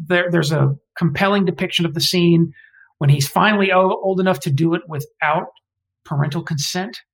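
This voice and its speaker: Alabama-raised male historian guest, gravelly voice, rambling and opinionated, keeps correcting himself. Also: fairly high pitch, rough recording. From Alabama, US South. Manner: digressive, self-correcting, opinionated. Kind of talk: conversational interview.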